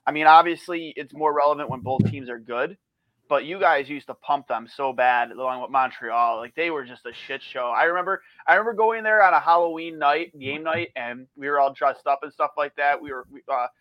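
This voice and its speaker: A man's voice: fairly high pitch, a little fast, no echo, lo-fi sound. A man chatting as a podcast guest, telling rambling stories with restarts, swearing and laughter. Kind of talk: casual chat.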